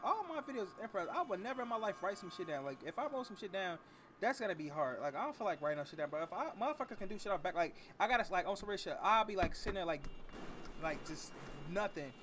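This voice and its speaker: A young man streaming a roleplay game, chatting loudly in rambling, slang-heavy talk full of "like"s. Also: sits high, lively intonation, fast talker, background noise. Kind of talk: casual chat while streaming a roleplay game.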